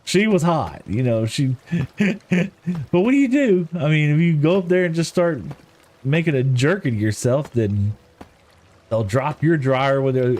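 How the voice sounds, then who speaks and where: A man's voice: on the high side, big pitch swings, a little slow, long pauses, darkish tone. A middle-aged man chatting casually on a game stream, telling rambling stories with chuckles. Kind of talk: casual live-stream chat while gaming.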